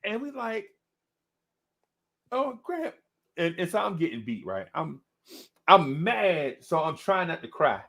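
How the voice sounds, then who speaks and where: Speaking at a moderate pace with a slightly high voice and some vocal fry, a male podcast co-host shares a story from his childhood. It's a casual exchange where he laughs a lot and animatedly plays the people he describes.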